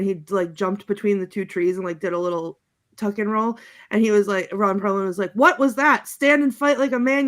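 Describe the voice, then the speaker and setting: Lady rambling thru movie quotes, lots of ums n giggles, mid-pitched, video call. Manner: rambling and giggly, with many fillers and restarts. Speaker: podcast panelist. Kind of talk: casual chat recapping favorite movie quotes.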